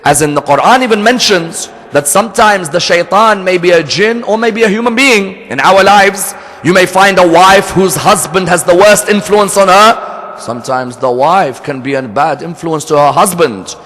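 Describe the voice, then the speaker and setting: A man with a high, slightly bright voice preaches a sermon at normal speed, telling a story in an earnest way and often asking his audience rhetorical questions. He is in the hall of a religious center, and the recording carries the echo of the hall.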